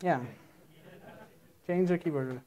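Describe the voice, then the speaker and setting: A man's voice: a little high, slow pace, mellow, muffled recording. A man giving a conference talk, telling a long, rambling joke story in a playful way before starting his presentation. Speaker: conference speaker. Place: conference room.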